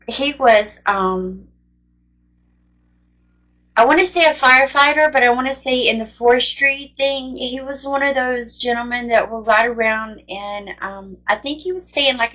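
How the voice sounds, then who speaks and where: A woman shares her personal faith testimony in an earnest, rambling, conversational way. Her voice sits at an ordinary pitch and comes through a dull, lo-fi recording. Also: a bit bright. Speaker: faith storyteller. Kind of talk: personal testimony, casual storytelling.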